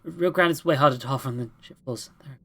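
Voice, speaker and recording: A woman voicing an excited young boy in a game, chattering eagerly about hover tricks. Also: rumbling low, fast.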